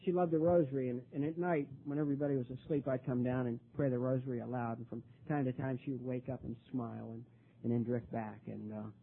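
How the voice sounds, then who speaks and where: An older man telling his own recovery story at a meeting, halting and repeating words, his voice rising when he gets worked up. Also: medium pitch, steady tone, creaky. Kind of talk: personal testimony talk. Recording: tinny phone-like recording.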